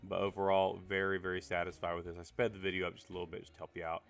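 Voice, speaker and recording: A man reviewing a non-stick pan in a casual vlog, his voice raspy from being sick, rambling with fillers and restarts. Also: deep voice, flat delivery, racing, soft background music. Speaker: cookware reviewer.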